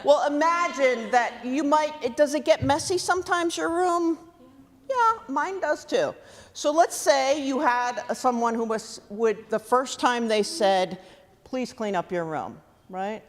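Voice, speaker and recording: A woman clinician coaching a student wind band in rehearsal, lively and full of questions to the players. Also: high-pitched, a little slow. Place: large theatre stage. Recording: long hall reverb.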